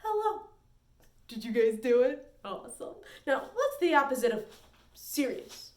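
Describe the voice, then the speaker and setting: High bubbly librarian woman, echoey room. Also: expressive, moderate pace. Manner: bubbly, sing-song, playful. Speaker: children's librarian. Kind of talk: virtual story time for kids.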